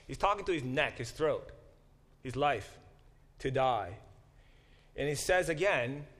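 A man, a biblical studies professor, giving a classroom lecture, pausing to unpack Hebrew words and acting out quoted speech with dramatic emphasis. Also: medium pitch, lively intonation, fairly bright tone.

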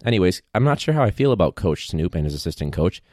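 A man who is a high school teacher, talking in a casual, rambling monologue with a wry tone and free swearing. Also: big pitch swings, quick pace, a little mellow, dry recording, clean studio sound.

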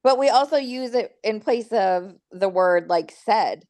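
A woman's voice: medium pitch, animated, unhurried, darkish tone. A Californian woman co-hosting a podcast, chatting casually and telling anecdotes with easy laughter. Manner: chatty storyteller, laughs easily. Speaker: podcast co-host. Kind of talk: casual chat.

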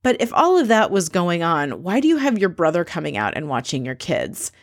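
A woman's voice: on the low side, very animated, a little fast, no room sound, clean studio sound. A woman casually recapping a reality TV episode in a chatty, gossipy manner. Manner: chatty, gossipy, acts out quotes.

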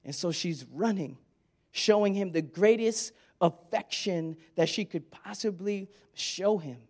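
A man's voice: high-pitched, measured pace, a little mellow. A middle-aged man preaching a sermon in a conversational way, acting out the quoted lines. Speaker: pastor.

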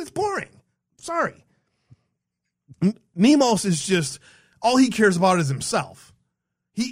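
A man hosts an online show in a heated, profanity-laden rant. His high voice swoops up and down as he talks, and he rambles bluntly, often tripping over restarts. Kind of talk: heated ranting commentary.

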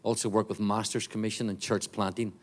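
A man's voice: lowish voice, flat delivery, brisk. A middle-aged man with a Northern Irish accent, a guest missionary preaching a joking, fervent sermon to a church congregation. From Northern Ireland. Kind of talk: sermon with jokes.

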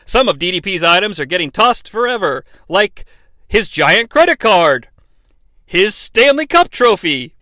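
A male podcast host gives a sarcastic, profane recap with a high, lively voice that swings up and down a lot. His tone is bright and forward. The sound is dry and close to the mic. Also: unhurried, no echo. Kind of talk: comedic wrestling recap.

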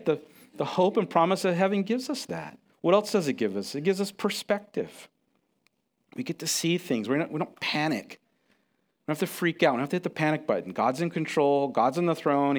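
Animated middle-aged pastor preaching. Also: male voice, mid-range voice. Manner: animated storytelling, acts out quotes; restarts and repeats words. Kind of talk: sermon.

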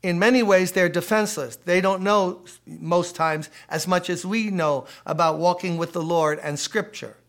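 A man preaching a sermon for a podcast aimed at church leaders, his voice sitting slightly high for a man. He drives points home by repeating phrases and tossing out rhetorical questions in a conversational, emphatic way. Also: normal speed, hardly any pauses, fairly bright tone. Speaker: pastor.

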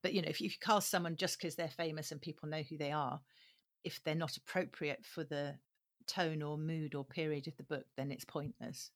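Woman, low voice, audiobook producer, interview, thoughtful, lots of ums and restarts. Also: fairly even intonation, a little fast. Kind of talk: interview answers.

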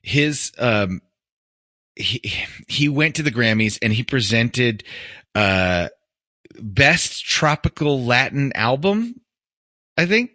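Brief: middle-aged male podcast co-host, bright edgy tone, dry close mic, swears freely while telling stories. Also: medium pitch, sing-song, slow pace, pauses often, no echo. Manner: storytelling, profane, laughs often. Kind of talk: casual podcast chat.

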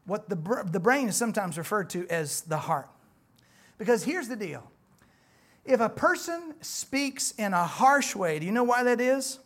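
A man's voice: sits high, big pitch swings, moderate pace, fairly bright tone. Emphatic preacher man. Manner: emphatic, repeats phrases, rhetorical questions. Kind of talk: sermon.

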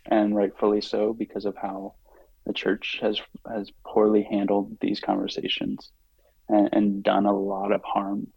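A low, gravelly man speaks earnestly as a podcast guest. He pauses often and fills the gaps with ums. His voice stays husky and flat, close and dry on the mic. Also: no echo, highs cut off. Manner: earnest, halting, with frequent fillers and restarts. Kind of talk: reflective conversational storytelling.

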